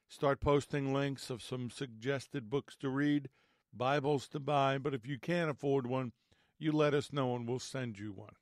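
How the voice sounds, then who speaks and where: A man with a slightly raspy voice from allergies, leading prayer and Bible teaching as host of an online faith show. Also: mid-range voice, no room sound, clean studio sound. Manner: earnest, measured, prayerful.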